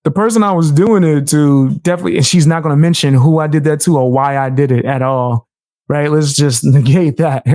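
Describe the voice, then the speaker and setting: A man's voice: fairly high pitch, fairly quick, a little mellow, no echo, clean studio sound. A man streaming live, reacting to a video with profane, mocking commentary. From United States.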